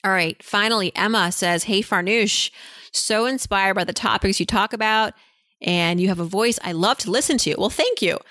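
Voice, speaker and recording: A woman's voice: medium pitch, moderate pace, pushed and bright, no room sound. Chatty woman podcast host, dry sound. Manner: chatty, frank, many "you know" fillers. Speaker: personal finance podcast host. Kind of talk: answering listener questions, casual advice.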